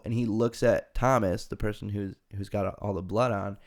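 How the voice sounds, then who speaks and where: A young man hosting a podcast, telling a funny story in a casual, animated way and laughing often. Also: fairly low pitch, normal speed, few pauses. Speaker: podcast host.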